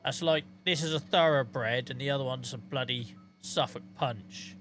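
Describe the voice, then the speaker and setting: A man's voice: mid-range voice, normal speed, a bit bright, faint music behind. A man live-streaming a farming game, chatting casually, swearing, and thanking viewers by name.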